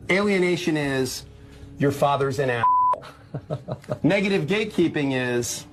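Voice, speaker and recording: Animated woman acting out dialogue. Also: deep voice, a little slow, pauses often, over music. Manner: acts out dialogue in different voices. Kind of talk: animated talk.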